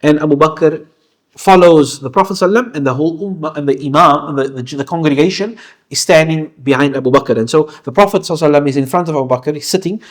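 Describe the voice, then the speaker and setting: Male religious teacher, slightly high voice, earnest storyteller who stumbles and restarts often. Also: a little fast. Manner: earnest, frequent restarts and fillers. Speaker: Islamic teacher. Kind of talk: lecture storytelling.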